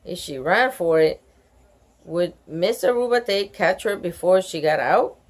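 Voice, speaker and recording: A woman reading a children's book aloud, adding excited gasps and comments. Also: fairly low pitch, unhurried. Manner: animated, gasping and laughing asides. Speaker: storybook reader.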